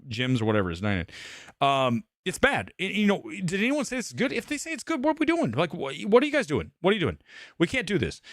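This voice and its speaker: A man's voice: a little high, fairly bright tone, no echo, clean studio sound. A middle-aged man hosting a live movie-talk stream, ranting bluntly and profanely while reading chat. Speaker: host.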